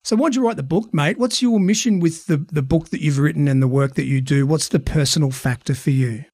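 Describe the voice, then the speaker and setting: An Australian man hosts a podcast in a slightly raised voice, dry and close to the mic. He talks in a measured, emphatic way. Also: a little high, darkish tone, breathy edge, no echo. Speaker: podcast host. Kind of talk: podcast interview and scripted intro.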